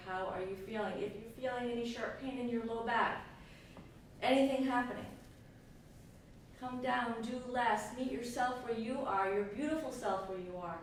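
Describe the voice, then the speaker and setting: A woman leads a yoga class, her voice gentle and encouraging as she asks how you are feeling. She is heard from a distance in a strongly echoing room with a faint hiss behind her. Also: on the high side, moderate pace. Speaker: yoga teacher. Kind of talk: guided yoga class instruction. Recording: echoey room, mic far off, faint hiss.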